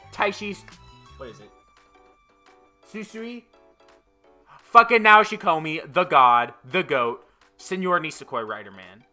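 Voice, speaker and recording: A young man with a sharp, high-pitched voice casually reviews manga chapters. He swears a lot, leans on frequent fillers, and has an exasperated edge to his talk.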